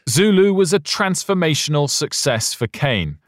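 A man giving scripted documentary narration in a measured, even storytelling delivery. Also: fairly high pitch, dry recording, studio quality. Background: music bed.

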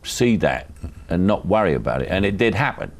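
A man with a Cockney accent, a guest in an interview, telling stories with lively mimicry. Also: low-pitched, a little fast. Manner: animated storyteller, mocks impressionists with lively put-on voices. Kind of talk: casual interview chat.

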